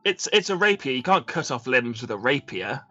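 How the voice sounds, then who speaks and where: A man's voice: mid-range voice, very animated, fairly quick, bright, forceful tone, lo-fi sound, soft background music. A man playing a tabletop game, asking questions and making wry jokes. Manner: joking, wry. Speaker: player. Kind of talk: casual chat at a game table.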